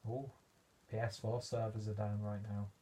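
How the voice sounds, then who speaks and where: A man's voice: fairly low pitch, level tone, moderate pace, mellow, husky. A young man reviewing a beer in a casual, rambling vlog, full of ums and asides. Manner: rambling, self-deprecating, many ums and uhs.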